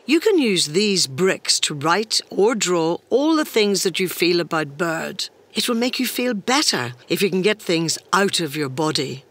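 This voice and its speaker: A narrator doing a soft little squeaky mouse. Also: full character voice.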